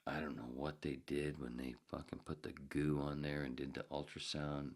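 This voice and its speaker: A man's voice: extremely low pitch, level tone, moderate pace. A man hosting a podcast in a casual, profane, joking ramble, often dropping into muttered whispered asides, while in pain from a sore elbow. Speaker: podcast host.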